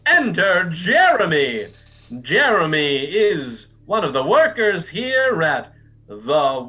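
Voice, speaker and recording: A man playing a dramatic carnival-show narrator, telling the story slowly and grandly, with faint music behind. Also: sits high, sharp tone, exaggerated voice. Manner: slow, theatrical storytelling.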